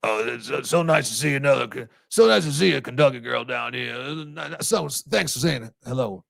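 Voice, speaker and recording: A man doing an impression of a gruff older football coach, with a low, gravelly voice and a rough, hollering drawl. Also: wildly swooping pitch, brisk, exaggerated voice. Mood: folksy.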